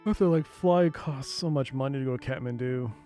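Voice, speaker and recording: A man's voice: medium pitch, fairly quick, warm tone, faint music behind. A tired man streaming a retro game, chatting casually and yawning often between comments. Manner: drowsy, yawning, chatty asides. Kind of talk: casual let's play commentary.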